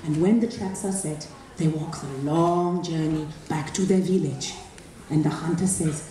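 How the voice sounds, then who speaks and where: A woman telling a folktale live in rhythmic, expressive, repeating phrases. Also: deep voice, a little slow. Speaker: storyteller. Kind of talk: live oral storytelling. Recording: echoey hall from far off, faint ambience.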